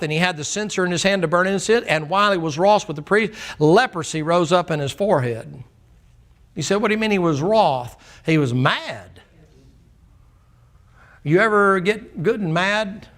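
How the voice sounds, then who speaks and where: A man's voice: sits high, animated, normal speed, a bit bright. A man preaching a sermon in a church, folksy and plainspoken, acting out the dialogue of the people in his story. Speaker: pastor. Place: church sanctuary.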